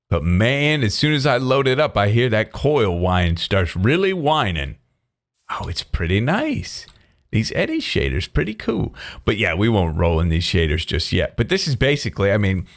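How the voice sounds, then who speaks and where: A man giving casual gameplay commentary, rambling and often cutting himself off with restarts and chuckles. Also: lowish voice. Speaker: gaming video creator.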